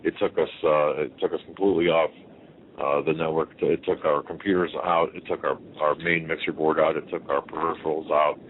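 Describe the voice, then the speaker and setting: A man with an extremely low, rumbling voice hosts a talk radio show, talking emphatically and circling back on himself with rhetorical questions. The sound is thin and phone-like, with a faint hiss underneath. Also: little pitch movement, a little fast.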